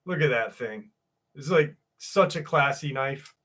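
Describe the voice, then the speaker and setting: A man's voice: medium pitch, lively intonation, a little slow, fairly bright tone, a little hiss or hum. A man hosting a casual livestream, chatting loosely with viewers and cursing freely. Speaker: livestream host.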